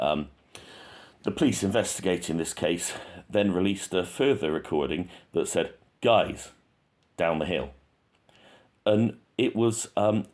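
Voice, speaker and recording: A man's voice: deep voice, a little mellow. A man hosting a true crime channel, talking casually and thinking aloud with frequent restarts.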